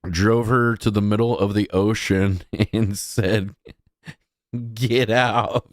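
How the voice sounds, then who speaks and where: A male streamer with a lowish voice riffs over clips in an offhand, mocking tone. He talks straight to his chat. The sound is dry and close, with no room behind it. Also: steady tone, slow pace, no echo. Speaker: livestream host reacting to clips. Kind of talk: casual crude reaction commentary.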